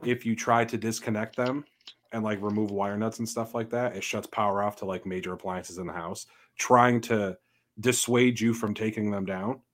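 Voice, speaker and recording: A man co-hosting a casual podcast, ranting in a profane, animated way while telling stories about his work. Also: on the low side, normal speed. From Georgia, US. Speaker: podcast co-host. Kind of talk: casual chat.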